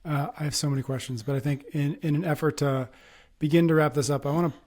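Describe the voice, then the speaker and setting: A man's voice: on the high side, fairly even intonation, fast, a little mellow. A podcast host speaking earnestly and from the heart as he reflects on what he just heard. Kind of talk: reflective conversation.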